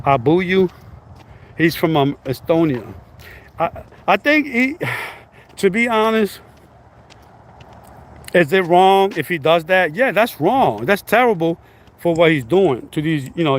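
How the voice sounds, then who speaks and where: A man with a slightly high voice rambles through a casual vlog commentary, blunt and profane. He records outdoors in a built-up area with faint traffic behind him. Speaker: vlogger.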